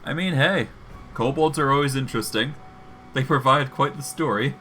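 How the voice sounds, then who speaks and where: A man's voice: medium pitch, moderate pace, sharp tone, faint music behind. A man streaming a narrative game, chatting casually and laughing often as he reads and comments.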